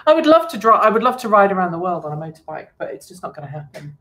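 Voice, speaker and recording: A woman's voice: lowish voice, very animated, rapid-fire, fairly bright tone. A British woman co-hosting a casual livestream chat, rambling and self-deprecating with frequent chuckles. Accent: British English. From Britain. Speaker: co-host of an electric car show. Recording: roomy echo.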